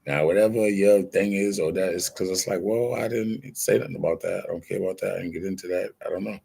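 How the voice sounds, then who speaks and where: Gravelly deep-voiced man ranting on a livestream. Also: fast, dark tone, a little hiss or hum. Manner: streetwise slang-heavy storytelling, acting out quoted exchanges; insistent, defensive. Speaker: livestream host. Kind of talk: casual livestream rant.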